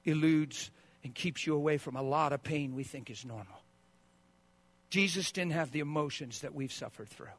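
Man, pastor, sermon, passionate, somewhat high voice, swings from hushed to forceful. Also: normal speed. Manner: passionate preaching that swings from quiet asides to loud, driving peaks; mocks sentimental sympathy with a high, wailing put-on voice.

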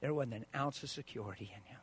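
A man preaching a sermon as a pastor, swinging from quiet asides to loud, driving peaks. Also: quick pace, slight background noise. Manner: mocks sentimental sympathy with a high, wailing put-on voice.

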